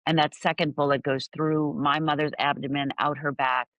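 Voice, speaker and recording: A woman's voice: low-pitched, little pitch movement, normal speed, no room sound, highs cut off. A middle-aged woman from Upper Michigan telling her life story as a guest, acting out voices and moments vividly.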